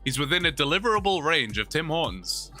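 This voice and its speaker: A man's voice: on the high side, very animated, brisk, bright, forceful tone, faint music behind. A British man from England, chatting casually and joking with viewers during a live gaming stream. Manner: chatty, joking, many restarts.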